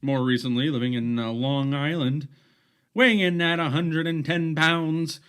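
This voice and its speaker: A man's voice: fairly high pitch, fairly even intonation, measured pace, a bit bright, clean tone, pitched above the performer's own voice. A man putting on the voice of a male boxing ring announcer, stretching his words out for a hyped introduction. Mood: hyped booming.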